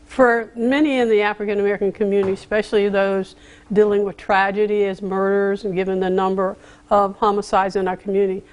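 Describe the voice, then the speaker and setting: A woman's voice: medium pitch, flat delivery. Woman hosting a formal interview. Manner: formal, deliberate, gently guiding. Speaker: interview host, community affairs director.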